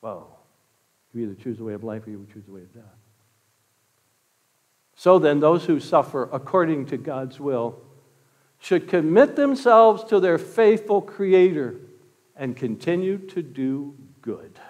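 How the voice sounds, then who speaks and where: A man preaching a sermon as pastor, impassioned, swinging from loud exclamations to hushed tones. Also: on the high side, sing-song, measured pace, long pauses. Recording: long reverb of a church hall.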